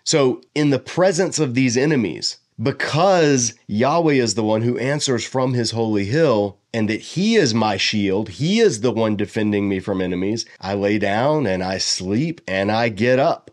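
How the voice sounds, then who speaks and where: Man teaching scripture, sounding out Hebrew. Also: medium pitch. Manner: explains Hebrew words slowly, sounding them out; relaxed, conversational lecturing with repeated words. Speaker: Bible teacher. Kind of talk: verse-by-verse Bible teaching.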